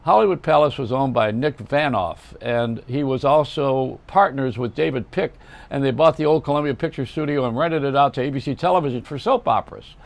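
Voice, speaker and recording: A man's voice: medium pitch, a little fast, creaky. An older man, a radio host, telling anecdotes in a rambling monologue, often stopping to correct himself. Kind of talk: storytelling monologue.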